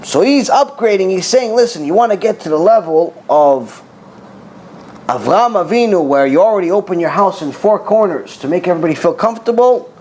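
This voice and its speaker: A middle-aged man teaching as a rabbi, an animated storyteller who acts out dialogue and repeats words for emphasis. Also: sits high, fairly quick, slight background noise. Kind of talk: Torah class with storytelling.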